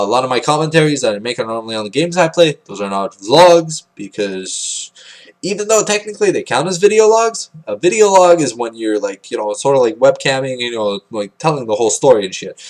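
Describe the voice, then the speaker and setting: A man's voice: medium pitch, darkish tone. A young man hosting a casual anime review vlog, rambling with crude jokes and lots of filler words. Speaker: vlogger ranking anime.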